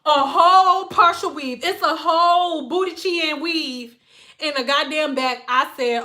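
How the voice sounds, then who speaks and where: Animated, profane woman from Detroit. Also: high voice, unhurried. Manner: animated, profane, thanks donors mid-story. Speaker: hairstylist and livestream host. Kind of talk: livestream storytelling.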